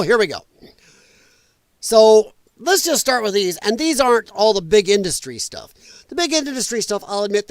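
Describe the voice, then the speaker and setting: A high-pitched man rants through a political stream in a dry, close recording. He is profane and sarcastic, and he mocks the people he argues with in whiny put-on voices. The tone stays combative throughout. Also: no echo. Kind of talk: casual ranting commentary.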